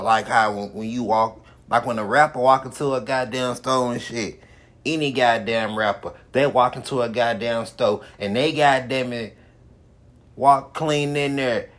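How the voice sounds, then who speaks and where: A man's voice: medium pitch, fairly bright tone. A man hosting his own podcast, giving a profane, repetitive motivational monologue with heavy swearing. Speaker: podcast host.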